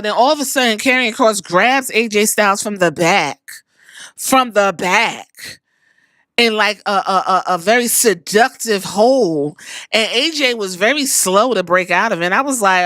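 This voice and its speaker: A woman's voice: a little high, sing-song, measured pace, pushed and bright, no room sound, studio quality. A woman podcast host giving a sassy, profane, chatty recap of a wrestling show.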